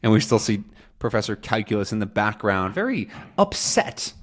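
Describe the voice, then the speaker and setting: A man's voice: lowish voice, big pitch swings, moderate pace. A man teaching English by explaining a comic to learners, talking loosely with fillers.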